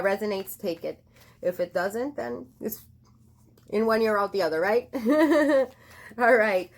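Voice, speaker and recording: A woman giving a casual tarot reading, chatty and affectionate, with many fillers and restarts. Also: mid-range voice. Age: adult with a daughter. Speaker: tarot reader.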